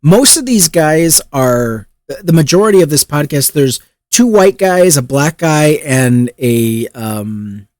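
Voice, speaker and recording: Slow sarcastic guy, dry close sound, voice swings up and down. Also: fairly high pitch, very animated, a little mellow, no room sound. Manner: mocking, profane. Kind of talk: sarcastic commentary.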